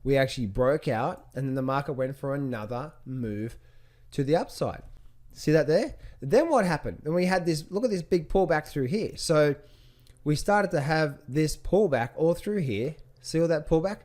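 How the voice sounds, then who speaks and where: A man's voice: a little high, animated, moderate pace, a little mellow. A man teaching trading from charts on screen, who keeps asking rhetorical questions and repeating his phrases. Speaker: trading coach. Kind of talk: screen-share chart walkthrough.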